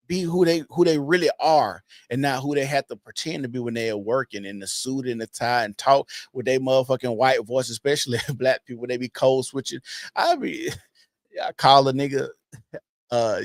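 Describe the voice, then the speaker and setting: A man's voice: medium pitch, no room sound, clean studio sound. Profane, laughing podcast host man. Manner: loose, profane, laughs often, animated storytelling. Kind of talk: casual podcast chat.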